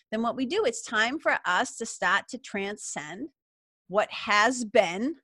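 A woman's voice: mid-range voice, fairly bright tone, no room sound. A middle-aged woman hosting a casual spiritual talk show, chatty and upbeat. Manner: chatty and upbeat, peppered with "like" and laughs. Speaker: podcast host.

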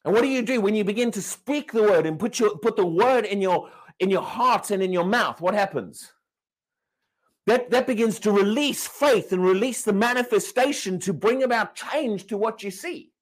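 A man's voice: high-pitched, moderate pace. A man preaching a sermon, emphatic and questioning, repeating and restarting words as he drives his points home.

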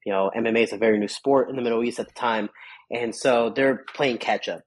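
Husky-voiced young man telling stories. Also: mid-range voice, quick pace, low-quality recording. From Chicago, USA. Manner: rambling, animated storyteller, acts out quotes. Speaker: MMA fighter, podcast guest. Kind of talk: casual interview storytelling.

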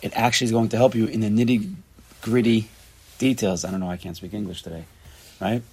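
Man teaching a casual Torah class, husky. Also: on the low side, brisk. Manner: animated, repeats himself, mixes in Hebrew and Yiddish terms.

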